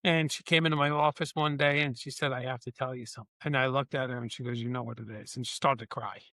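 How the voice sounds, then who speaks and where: Speaking quickly in a mid-range voice, a business owner recounts workplace tales for a podcast interview, playing out the lines of dialogue with animation. The recording is dry and conversational.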